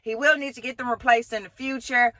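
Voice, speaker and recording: A woman, telling a storytime vlog in an animated way, talking straight to her viewers with slang and swearing. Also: fairly high pitch, brisk, no room sound. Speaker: vlogger.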